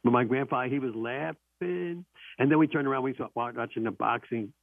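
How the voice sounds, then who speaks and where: A man's voice: mid-range voice, a little fast, vocal fry, no room sound. A man hosting a call-in show, telling stories and running a quiz, with emphatic repetition. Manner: emphatic, repeats key phrases. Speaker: radio call-in host. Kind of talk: casual storytelling and quiz hosting. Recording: narrow phone-like sound, dry.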